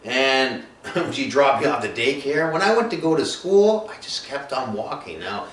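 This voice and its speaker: A man telling his own life story in a rambling, halting way, full of fillers and restarts. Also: mid-range voice, animated, a bit bright. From Nova Scotia, Canada. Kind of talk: personal storytelling monologue. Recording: echoey room, mic at a distance, faint noise.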